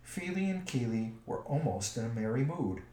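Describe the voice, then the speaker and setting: A man narrating a storybook in a measured, expressive way. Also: medium pitch. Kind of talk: storybook reading. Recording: roomy echo.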